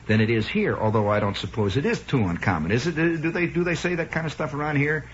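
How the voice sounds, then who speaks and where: Midwest-raised radio host, wry rambling storyteller, lively high voice; old dull broadcast. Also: male voice, fast, slight background noise. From American Midwest. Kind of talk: improvised radio monologue.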